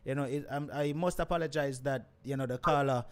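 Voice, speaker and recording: A man hosts a live call-in show. He talks straight to the audience in a calm, plain way and breaks in now and then to guide a caller. His voice sits at an ordinary male pitch. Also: fairly quick, clear, resonant tone.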